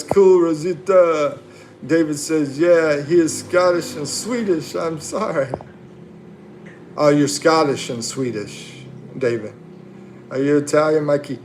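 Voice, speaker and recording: A man's voice: a little high, slow, a little mellow, a little hiss or hum. A man hosting a casual livestream, reading viewer comments aloud and chatting back with laughs and fillers. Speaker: livestream host.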